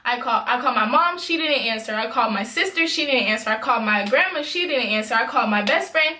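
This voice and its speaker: A woman's voice: fairly high pitch, lively intonation, quick pace, pushed and bright, roomy sound. A young woman from Memphis, telling a worked-up, emphatic storytime straight to her viewers. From Memphis, USA. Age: young adult. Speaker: vlogger. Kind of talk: storytime vlog.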